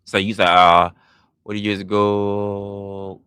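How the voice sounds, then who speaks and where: A man's voice: on the low side, slow pace, smooth, dry recording, clean studio sound. A man hosting a live stream, reacting to chat and telling a story with a lot of swearing, voicing the people in it, while he drinks. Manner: profane, animated storytelling with voiced quotes. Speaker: podcast host.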